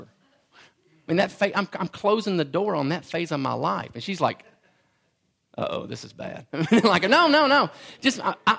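Male pastor, 30s, gravelly and slightly high, chatty sermon with stumbling restarts. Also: fairly bright tone. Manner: conversational, self-deprecating storytelling with stammered restarts.

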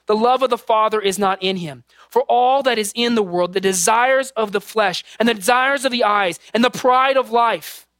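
A pastor in his thirties delivers a sermon in an earnest, conversational way, blending scripture with personal stories about his family. His voice sits high and a bit bright, recorded at studio quality with no room sound.

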